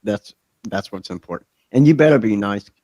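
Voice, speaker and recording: A man's voice: lowish voice, animated, normal speed, warm tone, no room sound, muffled recording. A middle-aged man hosting a podcast in loose, profane, joking chat full of fillers. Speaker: podcast host. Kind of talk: casual, crude chat.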